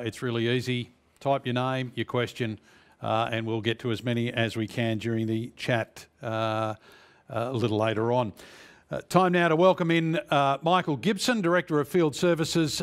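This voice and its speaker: A man's voice: mid-range voice, clean tone. A man hosting a webinar, introducing speakers with frequent "uh" fillers. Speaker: webinar host.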